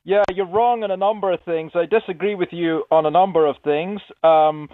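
A man's voice: high-pitched, steady tone, no room sound. Earnest male caller on a tinny phone line. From Scotland. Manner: polite, earnest, measured. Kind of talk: radio call-in.

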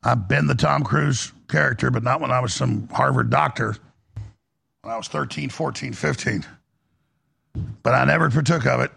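A male radio talk show host delivers an impassioned, preachy monologue, his gravelly, husky voice swinging between high and low. He speaks at a moderate pace with frequent pauses, and his tone is fairly bright.

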